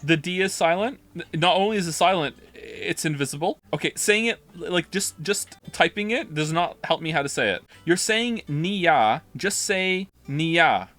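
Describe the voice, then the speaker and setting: Bright-voiced rambling male streamer. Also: a little high, normal speed, no room sound, soft background music. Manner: rambling, self-interrupting, reading chat aloud. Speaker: live streamer playing a game. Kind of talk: casual live-stream commentary.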